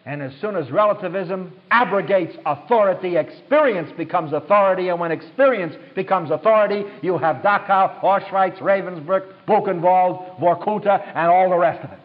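A man's voice: high-pitched, moderate pace, hardly any pauses, narrow, tinny audio. An older man giving a lecture, emphatic and rhetorical, building his points through repetition. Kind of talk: apologetics lecture.

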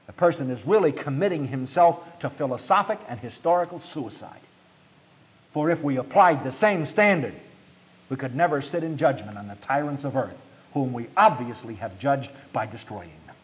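A man's voice: mid-range voice, expressive, normal speed, dull audio. An older man giving a lecture, emphatic and rhetorical, building his points through repetition. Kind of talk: apologetics lecture.

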